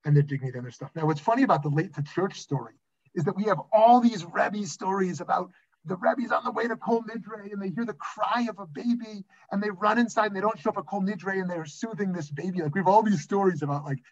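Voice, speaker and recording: A man's voice: high voice, fast talker. A rabbi teaching a class over a video call, speaking animatedly and often asking "right?" as he goes. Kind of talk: conversational online lesson with anecdotes. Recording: dull lo-fi video call audio.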